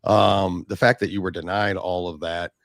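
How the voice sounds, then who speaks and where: A man hosting an interview, who affirms his guest often and asks questions in a relaxed, chatty way. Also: sits low, normal speed, creaky, dry recording, clean studio sound. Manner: affirming, frequent agreement. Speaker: host. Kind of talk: conversational interview.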